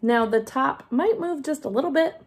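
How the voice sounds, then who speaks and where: A woman teacher giving a gentle, hands-on craft lesson for young children while she demonstrates each step. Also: sits high, lively intonation, normal speed.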